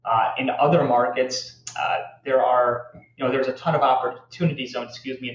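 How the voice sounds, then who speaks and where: A man answering interview questions in a relaxed, halting way, leaning on fillers and restarting his sentences. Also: fairly high pitch, a little hiss or hum. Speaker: real estate guest. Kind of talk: casual podcast interview. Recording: echoey, slightly dull audio.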